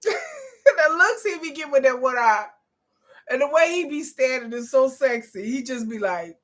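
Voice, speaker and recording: A woman with a high, bright voice, commenting on a show at home. Her pitch swings all over as she jokes, swears and reacts out loud. She sounds loud and animated, talking straight to her viewers. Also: normal speed. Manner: loud, animated, profane and joking. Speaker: watch party host.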